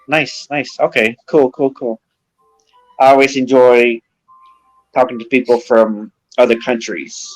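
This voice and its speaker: A friendly man rambles through stories on a casual podcast. His voice sits at an ordinary pitch. Faint music plays under him. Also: flat delivery, a little slow, rough recording. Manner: rambling, friendly, chatty storyteller. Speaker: podcast co-host.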